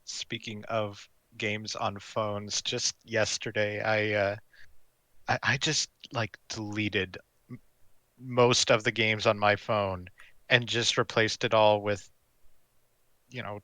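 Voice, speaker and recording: Male podcast co-host, bright forceful tone, relaxed casual chat. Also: fairly low pitch, slow, no room sound.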